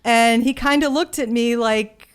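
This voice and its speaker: A woman's voice: a little high, measured pace, smooth. A woman in her fifties, an interview guest, telling a story with acted-out quotes and easy laughs. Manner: animated storyteller, acts out quotes, laughs easily. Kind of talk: conversational storytelling.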